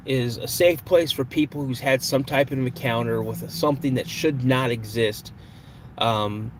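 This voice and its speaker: A man's voice: mid-range voice, a little hiss or hum. Chatty man hosting a live stream. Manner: chatty, greets viewers and jokes around. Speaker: podcast host. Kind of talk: casual live stream chat.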